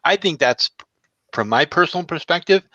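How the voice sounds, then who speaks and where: Bright-voiced man on a dull, dry mic. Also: a little high, normal speed, no room sound. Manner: reflective, lively, acts out scenes. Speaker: non-Christian panelist. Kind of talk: casual panel chat.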